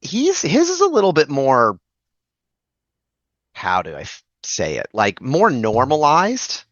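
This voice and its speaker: A man's voice: a little high, wildly swooping pitch, takes it slowly, fairly bright tone, no echo, muffled recording. A man with a Prince Edward Island accent chatting as a podcast guest, easygoing and hesitant, with lots of "like". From Prince Edward Island, Canada. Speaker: guest musician. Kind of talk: casual chat.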